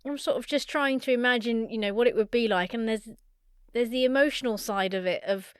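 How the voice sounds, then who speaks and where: A woman's voice: on the high side, brisk, clean tone, no room sound, studio quality. A woman hosting a podcast interview, reflecting thoughtfully aloud. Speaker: podcast host. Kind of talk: interview conversation.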